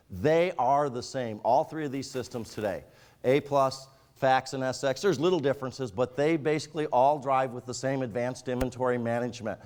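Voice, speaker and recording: A man from Michigan with a rural Michigan accent, running a software training class in a casual, joking way and speaking straight to the group. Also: medium pitch, normal speed. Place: training room with an audience.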